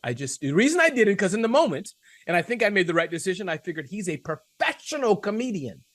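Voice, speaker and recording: A man hosting a casual panel chat, telling self-deprecating stories in an animated way. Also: high-pitched, fast talker, no echo. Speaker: host.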